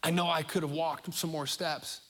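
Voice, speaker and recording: A man voicing a remorseful grown fisherman apostle who confesses his fear, apologetic and halting. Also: a little high, flat delivery, a bit bright, long reverb tail.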